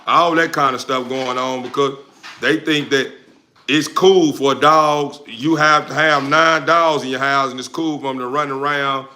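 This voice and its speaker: A man on a livestream, loudly and confrontationally answering viewers in casual slangy talk, recorded without a lapel mic. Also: medium pitch, steady tone, measured pace. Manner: loud, confrontational, repetitive, slangy. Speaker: dog breeder streamer answering chat. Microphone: no lapel mic, phone or camera mic.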